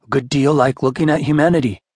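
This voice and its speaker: A man voicing a gentle middle-aged husband in an audiobook story, who talks hurriedly and stammers when caught out. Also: fairly high pitch, fairly even intonation, fast talker, breathy edge, no room sound, studio quality, pitched above the performer's own voice. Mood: musing.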